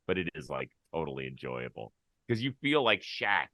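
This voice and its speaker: A man's voice: low voice, very animated, normal speed, pushed and bright, no echo. A man hosting a sports talk show, chatting in a wry, easygoing way and laughing easily. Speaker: host.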